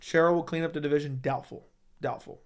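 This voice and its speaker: A young man hosting a casual livestream, reading viewer comments in a laid-back, low-key way and swearing casually. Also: steady tone, fast. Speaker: livestream host reading chat.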